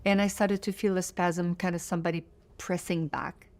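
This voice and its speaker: A woman's voice: on the low side, level tone, normal speed, darkish tone. A woman in her fifties, a native French speaker, answering in a sit-down interview as a singer, earnest and reflective, repeating phrases for emphasis. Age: 50s.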